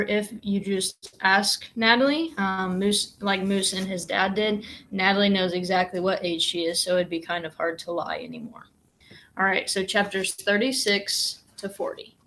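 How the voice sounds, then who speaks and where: A woman reads a novel aloud in a plain, steady storytelling voice. She stops now and then for a short, easy aside to the listener. Her pitch sits in an ordinary middle range. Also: slight background noise. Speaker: reader and commentator.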